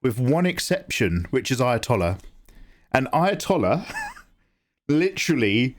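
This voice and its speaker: Animated man chatting on a livestream. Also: medium pitch, measured pace. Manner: excitable, swears freely, reads chat aloud. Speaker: live-streaming artist. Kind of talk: casual livestream chat.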